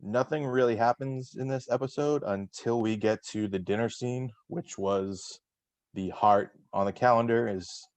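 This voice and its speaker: A man's voice: mid-range voice, measured pace, no room sound. A man hosting a casual recap chat, rambling with many fillers and restarts. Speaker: podcast host.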